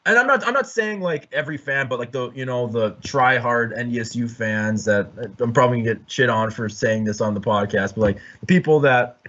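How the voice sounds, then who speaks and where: Casual rambly guy talking sports on a podcast, medium pitch, muffled audio. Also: fairly quick, few pauses, fairly bright tone. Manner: rambling, many restarts and throat clearing. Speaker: podcast host. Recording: dull lo-fi audio.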